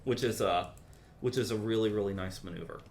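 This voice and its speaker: A man teaching a private composition lesson, explaining in a relaxed, chatty way with many ums. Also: fairly low pitch, fairly quick, slight background noise. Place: university music lesson room.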